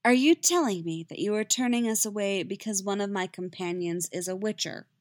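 A woman's voice: medium pitch, brisk, no room sound, natural voice. A woman voicing a haughty, cold-tongued sorceress who drawls her cutting words, in a fan fiction reading.

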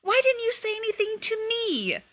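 A reserved, bookish teenage boy wizard, as a woman reading aloud puts him on. He speaks softly in a husky, rather high voice. He turns sharp and clipped when annoyed, in a storybook reading. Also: moderate pace. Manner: quiet and reserved, then sharp.

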